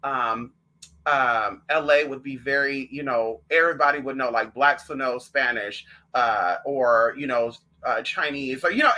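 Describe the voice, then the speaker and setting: A man vlogging in a sassy, outspoken casual monologue, chatting with the listener and calling them "girl". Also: a little high. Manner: animated and outspoken.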